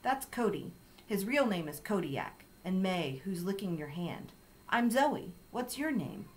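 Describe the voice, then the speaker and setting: A woman's voice: mid-range voice, sing-song, measured pace, slight background noise. A woman reading a children's chapter book aloud, voicing the earnest young girl who narrates it. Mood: eager. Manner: bright, eager, calling out.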